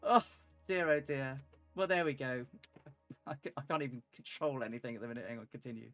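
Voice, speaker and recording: A man's voice: mid-range voice, a little fast, a bit bright, soft background music. A man streaming a flight simulator, chatting ruefully to viewers and laughing at his own mishaps. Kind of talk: live game stream commentary.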